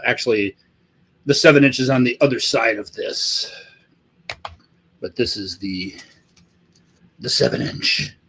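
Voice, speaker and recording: A man's voice: on the low side, bright, forceful tone, slightly rough. Profane, rambling man hosting a livestream. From Los Angeles. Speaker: livestream host. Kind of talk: casual livestream chat.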